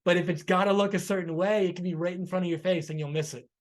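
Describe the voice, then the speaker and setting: A man hosting a podcast who retells stories in an animated, conversational way. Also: sits high, quick pace. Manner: animated storyteller. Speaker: podcast host. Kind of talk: conversational interview storytelling.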